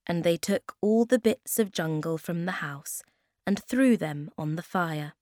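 A woman reading a children's story aloud at a slow, clear, even pace. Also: fairly low pitch, no echo, studio quality.

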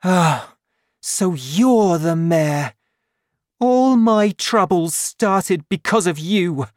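A man's voice: high voice, little pitch movement, unhurried, warm tone, clear, resonant tone, no echo, voice pushed up. A man voicing a sick, desperate young woman in an audiobook, pleading and close to tears. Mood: bitter, accusing.

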